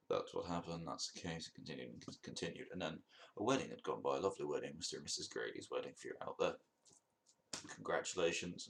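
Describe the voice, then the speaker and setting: Young man, podcast host, gravelly fry, casual swearing storyteller. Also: low voice, expressive, fast, fairly bright tone. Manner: swearing, rambling, laughing at his own jokes.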